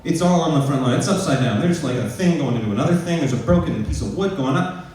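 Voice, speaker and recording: A man's voice: a little high, quick pace. A man doing stand-up, telling a profane story and acting out both sides of an argument. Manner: animated, profane, acts out both sides of a quarrel. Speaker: stand-up comedian. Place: comedy club stage. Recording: echoey club from a distance, faint room noise.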